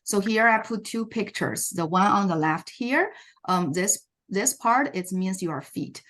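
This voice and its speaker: A woman's voice: medium pitch, lively intonation, a little slow, fairly bright tone. Woman presenting teaching strategies on a video call. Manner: explanatory, with frequent fillers and self-corrections. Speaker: Chinese language teacher presenting. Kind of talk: online teacher workshop presentation.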